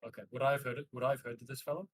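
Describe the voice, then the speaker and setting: A man's voice: medium pitch, little pitch movement, racing. Stumbling male tabletop player. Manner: stumbling restarts, laughing asides. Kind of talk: tabletop game play, casual chat.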